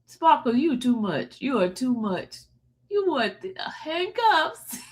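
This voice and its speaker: A woman chats loosely on her own livestream, talking to viewers by name and laughing between remarks. Her voice sits high and jumps around widely in pitch. Now and then she lets out long sighs and yawns. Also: takes it slowly. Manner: animated, joking, laughs often, talks to chat by name. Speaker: livestream host. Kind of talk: casual live-stream chat, reading viewer comments.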